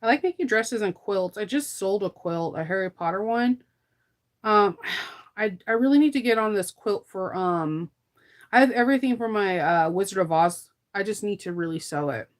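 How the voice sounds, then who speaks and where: A woman's voice: mid-range voice, lively intonation, moderate pace. Chatty laughing woman, tired. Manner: chatty, laughs often, trails off mid-sentence. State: tired, recovering from illness. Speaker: sewing vlogger. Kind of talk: casual chat while sewing.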